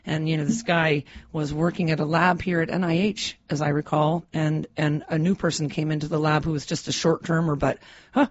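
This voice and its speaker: A woman's voice: low voice, flat delivery, a little fast, slight background noise. A middle-aged woman, a guest on a community radio interview, chatting casually and telling rambling stories full of restarts. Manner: rambling storyteller with frequent restarts. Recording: dull lo-fi radio recording.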